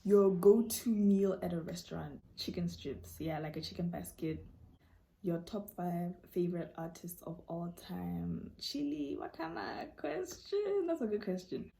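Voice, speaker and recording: A woman's voice: lowish voice, gravelly, slight background noise. A young woman vlogger telling stories and answering viewer questions in a casual chat, acting out dialogue with sudden jumps in voice. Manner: animated, acts out dialogue with quick voice jumps.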